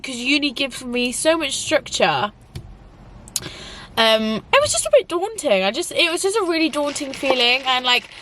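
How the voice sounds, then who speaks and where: Young woman, casual confessional vlogger, rambling and emotional, fairly high voice, faint background hum. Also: sing-song, normal speed, pushed and bright. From England. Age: young adult. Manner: rambling, emotional, many "like" fillers. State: tearful at times. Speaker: YouTuber.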